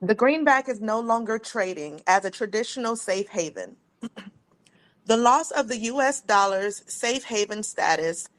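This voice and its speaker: Lady co-host reading articles out loud on a podcast, steady. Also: a little high, measured pace, low-quality recording. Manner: cheerful greeting, then steady reading aloud.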